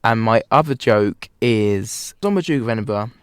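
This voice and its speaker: A man's voice: lowish voice, animated, fairly quick, clean tone, no room sound. Playful man bantering on radio. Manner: playful, rambling, joking. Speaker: radio show co-host. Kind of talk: casual comedic student radio banter.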